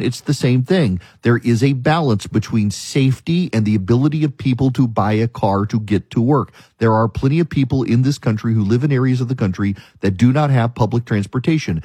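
Man, talk radio host, husky, dry studio sound, emphatic, argumentative monologue. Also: mid-range voice, a little mellow, dry recording. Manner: emphatic, argumentative, repeats points.

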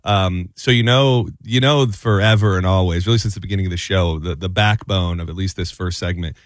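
A man's voice: deep voice, a little fast, no echo. A man co-hosting a casual sports talk show in a studio, rambling and repeating words as he tells stories. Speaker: podcast co-host.

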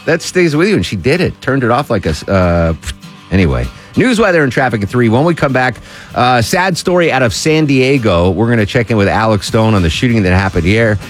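A man's voice: mid-range voice, animated, brisk, soft background music. A man from New England hosting a live radio interview, chatty and playful, often stumbling over his words. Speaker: radio host.

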